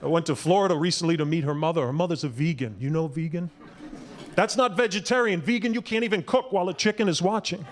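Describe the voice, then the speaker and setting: A man works a comedy club crowd in a high, bright register. He is wry and punchy, and he jumps into loud impressions for the punchlines. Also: fast, a little hiss or hum. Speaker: stand-up comedian. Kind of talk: stand-up comedy set.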